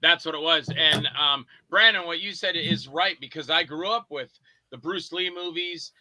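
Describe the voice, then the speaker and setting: A man's voice: a little high, moderate pace, no echo, low-quality recording. A man, a guest filmmaker, telling stories in a casual interview and acting out the people he quotes. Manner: animated, acts out quoted lines with swearing.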